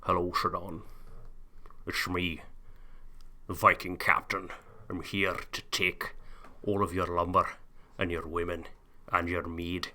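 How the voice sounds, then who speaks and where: A man voicing a boastful male Viking captain in a low, hushed, mock-menacing drawl, as a joke on a podcast. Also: flat delivery, takes it slowly, pauses often, slight background noise, heavily acted. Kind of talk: joking impression on a podcast.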